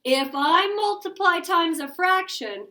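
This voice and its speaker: Brief: middle-aged female teacher, high voice, brisk classroom delivery, quizzes the kids. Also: animated, sharp tone. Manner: brisk, coaxing questions to the class. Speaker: elementary school teacher. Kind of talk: classroom math lesson.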